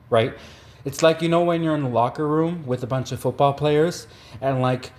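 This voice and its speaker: A man from Canada doing a rambling, deadpan satirical comedy monologue, full of fillers and restarts. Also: fairly high pitch, normal speed.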